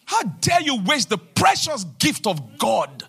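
A man preaching a sermon as pastor, repeating his points emphatically with frequent hallelujahs and a sing-song cadence that sometimes drops to a hushed rebuke. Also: extremely high pitch, wildly swooping pitch, slow, slightly rough.

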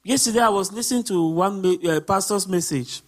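A man, a deacon, preaching a sermon with emphatic, repetitive lines that build up to shouts. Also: sits high, fairly quick.

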